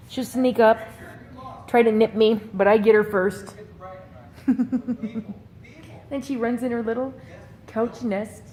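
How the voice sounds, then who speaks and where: A woman's voice: on the high side, steady tone, slow pace, pauses often, darkish tone. A woman chatting to her pet bird in a home video, cooing in baby talk with frequent giggles.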